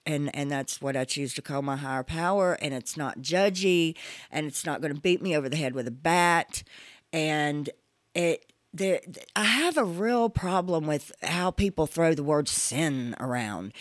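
A woman's voice: low-pitched, big pitch swings, a little slow, dry recording. A woman in her forties hosting a personal podcast monologue, speaking candidly and emphatically with casual swearing. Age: 40s. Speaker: podcast host.

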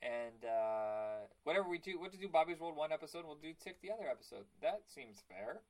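Young guy hosting a podcast, kinda high voice, rambles and trips over words. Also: animated, brisk, low-quality recording. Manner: rambling, stumbles on words, laughs often. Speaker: podcast host. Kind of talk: casual chat.

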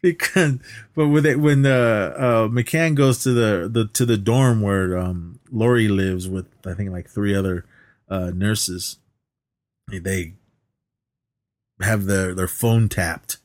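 Podcast guy with a lowish voice, rambling thru a movie plot, dry close sound. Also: slow pace, darkish tone, no room sound. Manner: rambling retelling, quoting characters in passing. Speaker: podcast co-host. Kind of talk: casual film recap chat.

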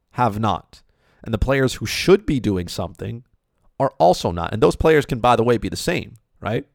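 Gravelly man ranting about hockey. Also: medium pitch, no room sound, studio quality. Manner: emphatic, repeats points, rhetorical questions. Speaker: hockey commentator. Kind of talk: opinionated sports talk monologue.

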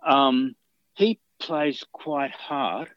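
A man's voice: mid-range voice, drawn-out words, dry recording, highs cut off. A man, a guitarist, telling long casual anecdotes in an interview, full of restarts and fillers. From Australia. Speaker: guitarist guest.

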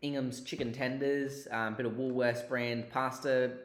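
A man's voice: mid-range voice, flat delivery, unhurried. A man co-hosting a podcast, talking in a casual, joking way and teasing the others. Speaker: podcast co-host. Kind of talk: casual chat. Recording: roomy echo, faint noise.

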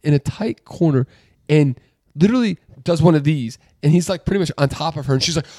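Talking fairly quickly, a man co-hosting a podcast tells a story as a casual rant, full of swearing, his voice rising loud and high when he gets worked up. The recording is clean studio audio without room sound.

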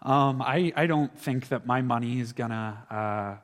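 A man's voice: mid-range voice, measured pace. A young man, a student, giving an earnest, reflective personal testimony and often stumbling over his words. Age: young adult. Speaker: student speaker sharing faith. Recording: long reverb of a hall.

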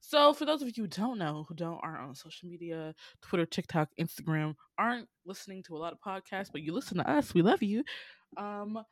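This Georgia podcast host has a Southern accent and a fairly low voice that moves a little fast, recorded dry. Her storytelling is loose, foul-mouthed and theatrical, with lively, dramatic shifts in delivery.

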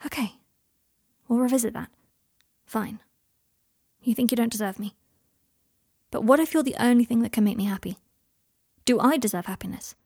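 A woman voicing a tender, earnest young man in love, pleading softly. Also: on the high side, moderate pace, long pauses, breathy edge, no room sound, clean studio sound.

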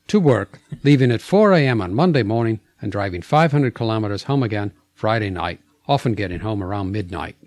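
A man's voice: mid-range voice, a little mellow, no room sound, close to an everyday voice. Hammy mock Aussie outback man, a male host doing the accent, dry close sound. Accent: mock Australian. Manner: hammy put-on reading of a fan letter. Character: rough-voiced Australian outback man, long-haul commuter. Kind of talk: podcast letter reading.

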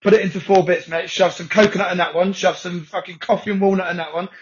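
A man co-hosting a podcast, chatting casually in a quick, rambling way and swearing freely. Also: high-pitched, steady tone, slight background noise. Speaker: podcast co-host. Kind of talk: casual chat. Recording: dull lo-fi audio.

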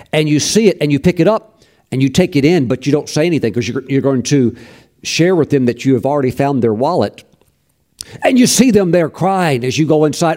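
A man preaching a sermon as pastor, emphatic and repetitive, often acting out other people's voices in a high plea. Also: mellow. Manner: repeats phrases, frequent restarts.

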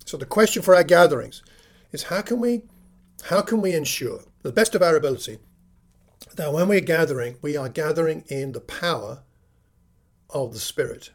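A man preaching a sermon, teaching from scripture with measured emphasis and many rhetorical questions. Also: a little high, lively intonation. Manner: measured, slows to stress key phrases, rhetorical questions.

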